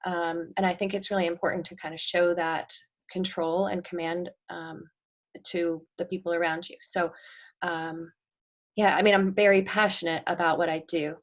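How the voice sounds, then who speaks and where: A woman's voice: fairly low pitch, flat delivery, normal speed, muffled recording. A woman guest on a podcast, talking casually and thoughtfully with frequent ums and light laughs. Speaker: podcast guest, marketing executive. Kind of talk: casual interview chat.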